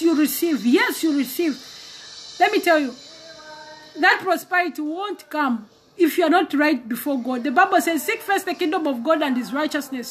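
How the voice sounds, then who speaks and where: High-voiced woman preaching. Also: fairly bright tone, slight background noise. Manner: exhorting, acting out prayers and dialogues. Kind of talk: casual sermon video.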